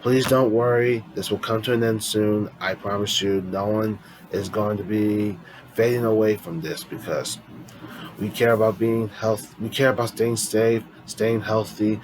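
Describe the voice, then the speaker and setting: A man with a fairly low voice reads his own poems in a casual, chatty way. He talks to his viewers like friends and often stops to restart or correct himself. There is a faint hum of noise behind him. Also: steady tone, unhurried, poor audio. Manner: rambling, with frequent restarts and self-corrections. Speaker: poetry vlogger.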